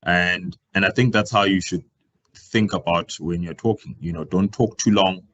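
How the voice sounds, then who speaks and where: A man leads a public-speaking workshop in a slightly low, husky voice. He projects loudly and swings his pitch and volume up and down as he demonstrates. The recording is dull and lo-fi. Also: fairly even intonation, moderate pace. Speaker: career talk presenter. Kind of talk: live workshop presentation.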